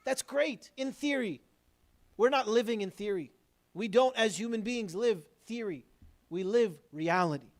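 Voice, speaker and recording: A man with a high, light voice gives an earnest sermon as an imam. He builds up emphasis, then sinks into quiet, pointed asides. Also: measured pace.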